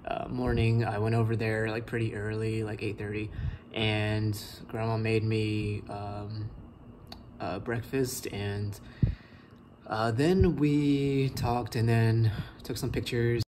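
Halting young man telling a story. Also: on the low side, level tone, noisy background. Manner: halting, full of likes and ums. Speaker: vlogger. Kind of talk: personal storytelling vlog.

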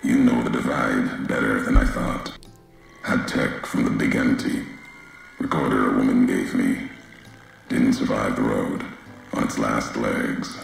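An actor playing a grim, weary wasteland courier in a video game, speaking in a raspy, deep voice with slow, clipped, terse sentences. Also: male voice, steady tone, heavy reverb, soft background music, full character voice.

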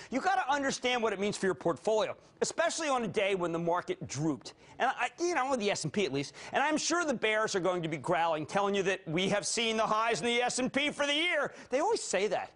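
Fiftyish philly guy yelling about stocks on tv, real high voice, swings all over the place. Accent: Philadelphia. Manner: theatrical, bursts into shouts, rapid jokey asides. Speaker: TV market commentator. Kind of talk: high-energy financial TV commentary.

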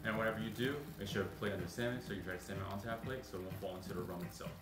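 A man presenting dishes at a restaurant table with an upbeat, rapid server's patter. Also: fairly low pitch, noisy background. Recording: echoey restaurant from a distance. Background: music.

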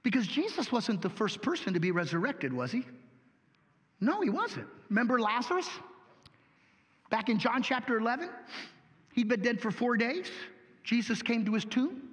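High-voiced male pastor, lively and folksy in delivery, with long church-hall reverb. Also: normal speed, long pauses. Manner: animated, folksy, rhetorical questions. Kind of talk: sermon.

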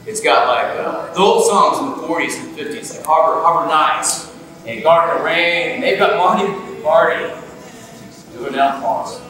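An actor performing a wry, conversational storytelling monologue live on a theatre stage. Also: male voice, a little high, normal speed, natural voice. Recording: live theatre, distant and echoey.

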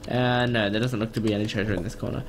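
Excitable young man narrating gameplay. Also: slight background noise. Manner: excitable, quickly frustrated, jumps high when upset. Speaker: gaming channel host. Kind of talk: gameplay commentary.

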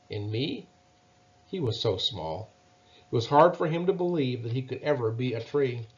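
A man reading a children's Bible story aloud in a gentle, measured way. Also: medium pitch, lo-fi sound.

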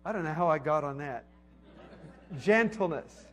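A high-pitched man delivers a folksy sermon. His voice ranges widely, rising to loud emphatic peaks and sinking to hushed asides. He sounds middle-aged and talks to the congregation like a friend. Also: lively intonation, normal speed, soft background music. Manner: conversational preaching with emphatic swells and soft drops. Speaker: preacher.

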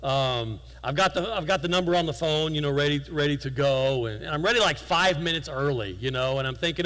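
A man delivers a sermon in a church, his voice bright and a touch high. He talks to the congregation like friends, joking at his own expense as he tells a story. The sound carries a long hall reverb. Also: fairly quick, few pauses. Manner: conversational storytelling with self-deprecating humor. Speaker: guest preacher. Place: church sanctuary.

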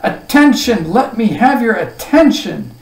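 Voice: medium pitch, lively intonation, measured pace, a little mellow. Reader doing a regal, gloomy storybook king. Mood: commanding. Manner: commanding then mournful, regal. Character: sad, fussy king of a fantasy land. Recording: roomy echo, voice far from the mic.

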